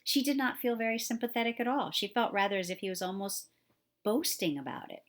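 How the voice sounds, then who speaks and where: A woman reading a children's novel aloud in a gentle, expressive storytelling manner. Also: a little high, fairly quick. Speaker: children's book reader.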